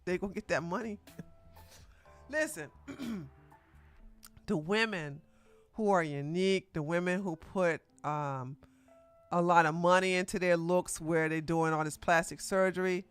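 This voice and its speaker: A woman's voice: on the low side, unhurried, pauses often, smooth, soft background music. A streamer, likely a woman, giving rambling, mocking reaction commentary.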